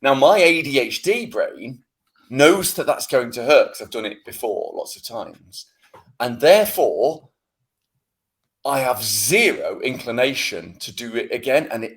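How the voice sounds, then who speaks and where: A British man co-hosting a casual podcast, launching into animated, sweary rants with plenty of self-mockery. His pitch sits right in the middle for a man, and he talks conversationally with no polish. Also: normal speed. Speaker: podcast co-host.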